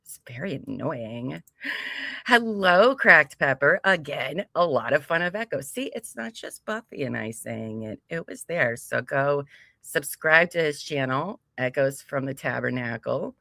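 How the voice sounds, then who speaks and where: A woman's voice: sits low, expressive, a little slow, vocal fry, sharp tone, dry recording, studio quality. A woman co-hosting a casual livestream, greeting viewers by name with frequent giggles. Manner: bubbly, giggly, reads chat names aloud. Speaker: livestream co-host.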